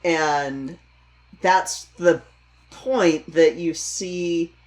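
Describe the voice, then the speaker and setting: Low-voiced woman podcast co-host. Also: drawn-out words, darkish tone. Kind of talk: casual chat.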